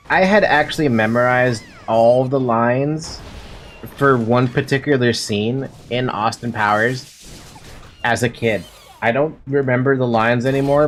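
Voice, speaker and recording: A man's voice: medium pitch, a bit bright, a little hiss or hum. A young man streaming a game from home, chatting casually with playful, giggly, melodramatic complaints.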